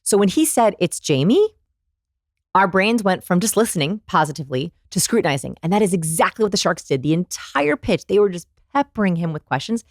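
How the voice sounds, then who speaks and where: Lively middle-aged woman, low voice. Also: quick pace, hardly any pauses, no room sound, studio quality. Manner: energetic, demonstrates vocal inflections. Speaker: guest, people expert. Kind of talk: animated interview talk.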